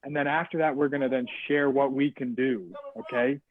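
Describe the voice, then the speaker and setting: A man giving an energetic, interactive webinar presentation on service and leadership, often checking in with his audience. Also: medium pitch, fairly quick. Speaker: guest speaker on service and leadership. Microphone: video call. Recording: tinny phone-like video call audio.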